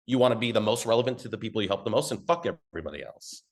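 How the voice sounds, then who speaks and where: A man with a lowish, expressive voice coaches on ad marketing in a casual, rambling teaching style. He sometimes swears and slips into quick mock voices of customers.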